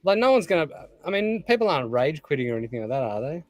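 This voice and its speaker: A man, co-hosting a podcast, talking in a relaxed, slangy way. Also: fairly high pitch, fast, no room sound, soft background music. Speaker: podcast co-host. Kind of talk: casual chat.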